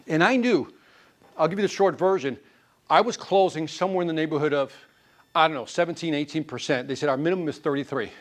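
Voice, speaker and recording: A man leading a live sales training class, quizzing the room with quick questions and answers. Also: on the high side. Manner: animated, quizzing the class with call-and-response questions.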